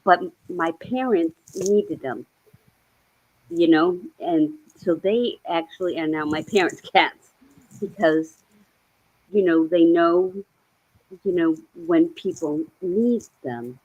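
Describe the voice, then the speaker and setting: A woman on a video call, chatting casually and telling rambling, animated stories. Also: fairly low pitch, slow pace, muffled recording. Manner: rambling, animated storytelling with laughs. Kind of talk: casual chat.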